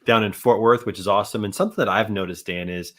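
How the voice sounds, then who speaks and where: A man's voice: lowish voice, fast talker, a bit bright. A man hosting a podcast, chatting casually and joking with his guest. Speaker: podcast host. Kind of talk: casual interview chat.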